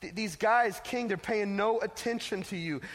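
A man voicing sneaky, flattering male courtiers who tattle to a king, in a wheedling tone, in an echoey hall. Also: high-pitched, moderate pace. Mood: tattling. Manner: wheedling, fawning.

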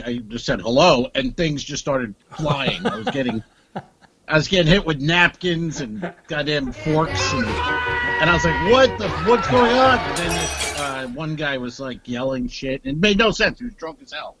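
A man's voice: medium pitch, normal speed, bright, forceful tone, slight background noise. A man co-hosting a comedy podcast, telling a loose, profane story in casual chat.

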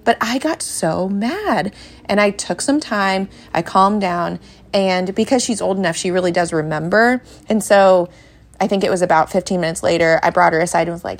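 A young adult woman hosting a parenting podcast, talking in a frank, chatty way and acting out quotes in a brighter voice. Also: on the low side, normal speed. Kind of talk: casual chat.

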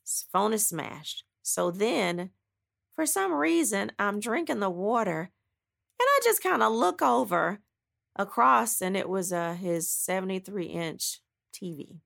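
A woman's voice: mid-range voice, sing-song, measured pace, vocal fry, a bit bright. A woman, an author, retelling a personal story in a dramatic, blunt and emphatic way, with frequent asides. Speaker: author recounting her own story.

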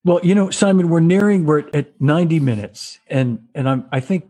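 A man's voice: fairly high pitch, lively intonation, a little fast, warm tone. A man hosting a casual interview over a video call, telling rambling stories with many restarts. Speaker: host.

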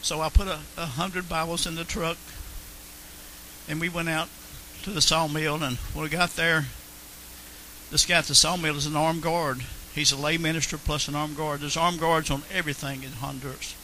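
A man gives his Christian testimony in an earnest, storytelling way, repeating phrases for emphasis. His high voice is strikingly bright and sharp, his tone steady and his pace moderate. The audio is poor, with a faint hiss running beneath it.

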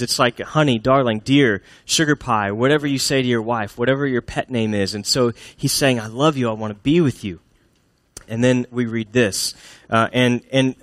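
A man's voice: medium pitch, fairly bright tone, dry recording. A man preaching a sermon in a church, speaking in a humorous, conversational way and asking the congregation questions. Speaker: pastor.

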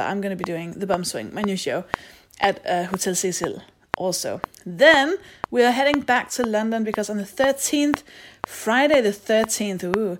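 In this casual solo announcement, a podcast host with a medium-pitched voice reads her notices in a playful, self-mocking, rambling manner. The background is noisy.

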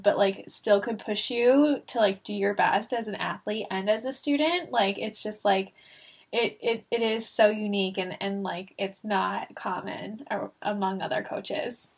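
A woman's voice: medium pitch, gravelly, breathy edge. A woman hosting a casual interview chat, responding enthusiastically and filling in with agreement. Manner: enthusiastic, frequent backchannels. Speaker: podcast host.

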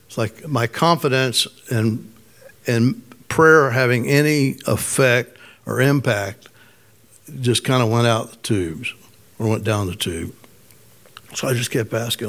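Middle-aged male pastor, slightly raspy, conversational storytelling sermon, mid-pitched. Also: measured pace, fairly bright tone. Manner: conversational, storytelling, asks congregation questions.

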